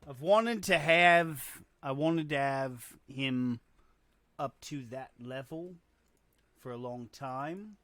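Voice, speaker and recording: A man's voice: medium pitch, fairly bright tone. A man giving casual gameplay commentary, muttering to himself and poking fun at himself. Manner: slow, muttering to himself, self-deprecating. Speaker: gamer.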